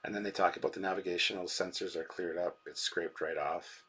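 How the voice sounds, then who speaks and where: A man's voice: low voice, steady tone, fairly quick, a bit bright, breathy edge. A man hosting a live reaction stream, rambling casually and reading out viewers' chat messages and donations.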